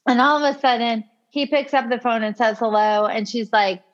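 A woman co-hosting a podcast, telling a story in a casual, animated way. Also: a little high, moderate pace, dull audio. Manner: animated, acts out quoted speech. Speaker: podcast co-host.

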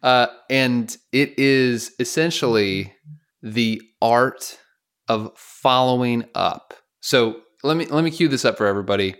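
A man's voice: mid-range voice, unhurried, fairly bright tone, smooth. A man co-hosting a podcast in casual chat, joking and self-deprecating, acting out little everyday scenes as he talks. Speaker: podcast co-host.

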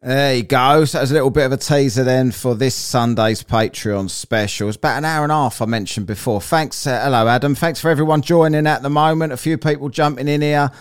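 A man's voice: mid-range voice, fairly even intonation, fairly quick, few pauses, clear, resonant tone. A man hosting a podcast live stream, reading crime stories aloud and breaking off to joke about them. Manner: jokey, reads aloud then riffs. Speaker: podcast host.

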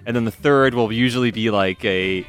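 A man co-hosting a casual podcast chat, joking and animated, often restarting his sentences. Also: mid-range voice, moderate pace, soft background music. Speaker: podcast co-host.

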